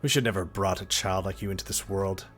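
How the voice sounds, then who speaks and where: A game master voicing a bitter, angry father who scorns his son in a low, hushed way. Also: quick pace, faint music behind. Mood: scornful.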